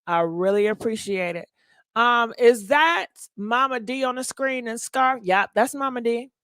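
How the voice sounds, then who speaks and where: A woman's voice: a little high, unhurried, fairly bright tone, no room sound. Chatty woman hosting a gossip livestream. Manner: chatty, reads donations and comments aloud. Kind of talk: casual livestream chat.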